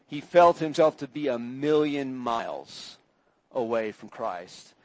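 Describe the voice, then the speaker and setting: Preacher, male, slow deliberate delivery, slightly raised voice, dry close sound. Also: on the high side, no echo, rough recording. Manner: measured storytelling, acts out quoted voices with rising intensity. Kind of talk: sermon.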